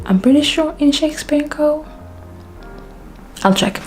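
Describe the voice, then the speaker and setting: A woman's voice: high-pitched, expressive, a little slow, a little mellow, faint music behind. A woman from Sweden giving a casual bookshelf tour, chatty and self-deprecating with plenty of fillers, a little out of breath. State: slightly out of breath. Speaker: book vlogger.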